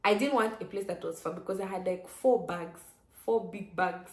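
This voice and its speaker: A young woman vlogger telling a personal story in a chatty, lively way, with lots of "like" fillers and sudden exclamations. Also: medium pitch, moderate pace. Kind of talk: casual storytelling. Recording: roomy echo.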